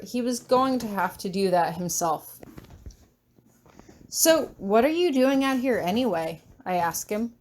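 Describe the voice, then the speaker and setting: A woman reading a fan fiction story aloud in the first person, expressive in her delivery. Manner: expressive, shrill when shouting. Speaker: audiobook reader of fan fiction.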